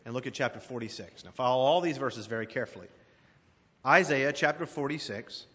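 Emphatic preacher in a reverberant hall. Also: male voice, medium pitch, fairly quick, a bit bright. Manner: emphatic, addresses congregation directly. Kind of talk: expository sermon with scripture reading. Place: church sanctuary. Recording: long reverb of a church hall.

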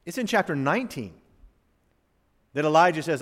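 A man preaching a sermon as pastor, dropping to a hush and then rising to a boom. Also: expressive, moderate pace, long pauses, big-room sound. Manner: preacherly, swings from hushed to booming.

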